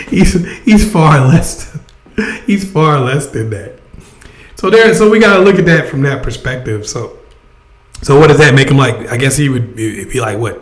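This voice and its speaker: A man with a fairly high voice hosts a casual livestream and talks directly to his viewers in a conversational way. The sound is roomy and echoey. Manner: conversational, addresses chat directly. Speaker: livestream host giving advice.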